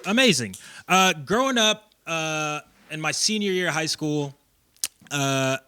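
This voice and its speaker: A man's voice: on the high side, expressive, measured pace, sharp tone, clean tone, no room sound. A man telling a story at a live comedy show in a theater, loose and chatty with lots of fillers.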